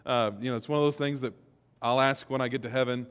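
A man's voice: medium pitch, fairly even intonation, fast talker, fairly bright tone, clear, resonant tone. A male pastor preaching a sermon in a folksy, joking way, leading his congregation to repeat phrases back. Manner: folksy, jokes, leads congregation in call-and-response. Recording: long reverb of a large hall.

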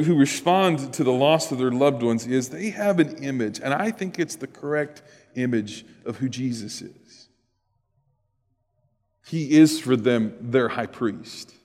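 A man preaching a sermon as a pastor, telling the story in a lively way and acting out the voices of the people in it. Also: mid-range voice, big-room sound. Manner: animated storytelling, acts out voices.

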